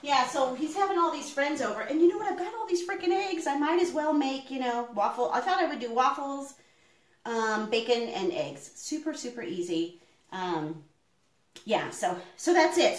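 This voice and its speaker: A woman's voice: high-pitched, lively intonation, normal speed. A middle-aged woman chatting casually on a live stream while she cooks in her home kitchen. She rambles, with plenty of fillers. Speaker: homestead vlogger. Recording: echoey room.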